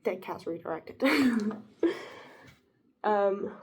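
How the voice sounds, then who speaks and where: A woman's voice: medium pitch, lively intonation, drawn-out words, background noise. A woman talking to camera in a rambling, giggly monologue, musing philosophically and drifting off her point. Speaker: vlogger.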